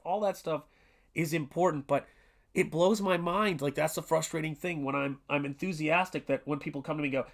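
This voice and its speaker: A man in his forties hosting a casual art livestream, talking earnestly and rambling with many restarts and fillers. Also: fairly high pitch. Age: 40s. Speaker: artist livestream host.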